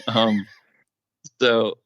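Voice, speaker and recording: A man, a musician being interviewed, speaking casually and thoughtfully, often pausing with fillers. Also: lowish voice, flat delivery, a bit bright, lo-fi sound. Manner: thoughtful, hesitant, many fillers. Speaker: musician guest. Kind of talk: casual conversation.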